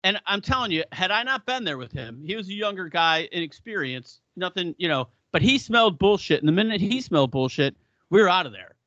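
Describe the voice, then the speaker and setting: A man's voice: sits high, a little fast, no room sound, muffled recording. A man co-hosting a podcast, telling stories in casual, profane chat and acting out the people in them. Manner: profane, animated storyteller who acts out quotes. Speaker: podcast co-host.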